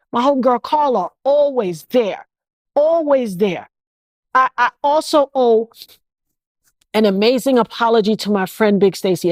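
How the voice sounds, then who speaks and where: A woman's voice: medium pitch, a little mellow, dry recording. A woman in her fifties, an interview guest speaking with an emphatic, repetitive, preacher-like cadence. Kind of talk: emotional interview.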